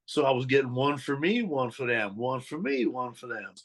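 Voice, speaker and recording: A man from Denver recounts his days on the street as an interview guest. He tells it in a lively storytelling way, slipping into the voices of the people in his tales. His voice sits at a middle pitch for a man. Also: normal speed. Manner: animated storyteller who acts out the people he quotes. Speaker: guest, former mob associate and motivational speaker.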